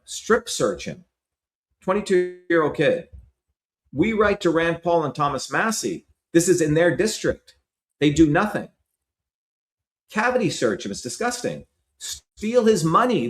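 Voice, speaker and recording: A man's voice: a little high, very animated, measured pace, reverberant. A man as an interview guest, talking in an impassioned, emphatic way and often tagging on "right?" and "you see?". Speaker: interview guest, Senate candidate.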